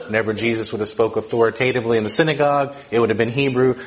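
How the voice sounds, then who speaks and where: Male teacher, mid-pitched, conversational explainer, slightly muffled recording. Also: fairly even intonation, rapid-fire. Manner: conversational, keeps checking in with "right?". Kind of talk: informal teaching talk.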